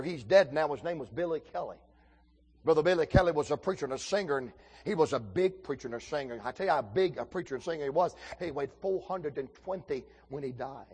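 A preacher spins a folksy storytelling sermon, swinging from hushed asides to sudden shouts. His voice is high and husky.

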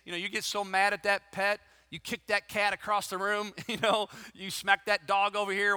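A man preaching a sermon with rhythmic repeated phrases, swinging from hushed to loud and impassioned. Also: high-pitched, fairly even intonation, moderate pace, clear, resonant tone, big-room sound.

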